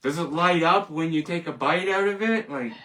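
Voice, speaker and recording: A man's voice: a little high, normal speed, pushed and bright, recorded from a distance, a little hiss or hum. A man hosting a casual solo show, rambling, joking and laughing at his own jokes. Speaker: host. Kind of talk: casual solo wrestling commentary.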